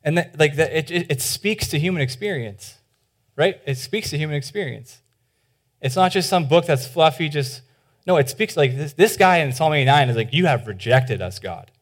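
A man preaching a sermon as pastor, earnest and conversational with many restarts, dropping to a hushed voice for appeals. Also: fairly high pitch, normal speed. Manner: drops to a soft, hushed voice for appeals.

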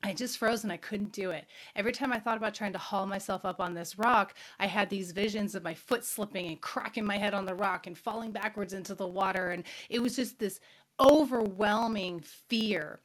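A woman's voice: medium pitch, a little fast. A middle-aged woman hosting a spirituality show, telling a personal story in a candid, frank way, swearing casually and putting questions to her audience.

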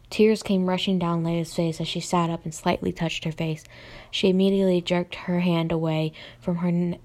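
Young woman reading her story, gravelly low voice. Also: darkish tone. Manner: plain reading with small slips and restarts. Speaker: podcast storyteller.

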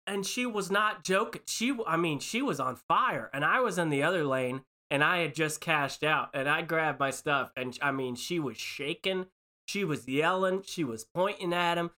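A woman's voice: sits low, normal speed. A woman telling a story in casual chat, acting out the people in it. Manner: animated storytelling with acted-out voices.

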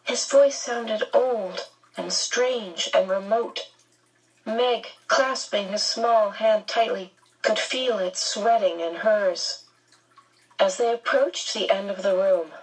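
A woman reads an audiobook slowly and steadily, in a measured storytelling voice. Her tone is breathy and soft-edged. She sits somewhat back from the mic. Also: medium pitch, far from the mic, rough recording. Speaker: narrator. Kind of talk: audiobook narration.

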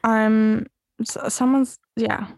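A woman's voice: fairly high pitch, level tone, gravelly, darkish tone, no echo, studio quality. A woman co-hosting a podcast, chatting casually about a TV show and laughing often. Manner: slow, drawn-out, giggly talk. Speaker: podcast co-host.

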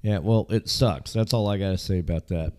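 A man co-hosting a casual podcast chat, with a raspy voice from a cold and a slight lisp, laughing and joking often. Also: deep voice, brisk, background noise. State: has a cold. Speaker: podcast co-host.

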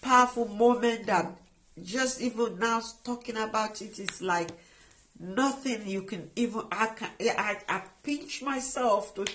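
Middle-aged woman, slightly high voice, unhurried emotional testimony with constant restarts. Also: fairly bright tone, slight background noise. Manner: halting and emotional, with many restarts and trailing phrases. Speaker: guest sharing a personal testimony.

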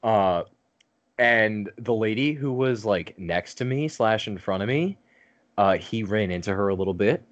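A man's voice: lowish voice, lively intonation, a little slow, highs cut off. A man on a podcast telling a long story in casual chat, rambling with lots of fillers and swearing.

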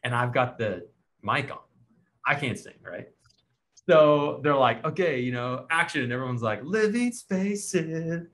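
A man's voice: medium pitch, moderate pace, fairly bright tone. A man hosting a podcast, telling a story in casual chat, acting out quoted voices and laughing at himself. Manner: laughs often, self-deprecating. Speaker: podcast host.

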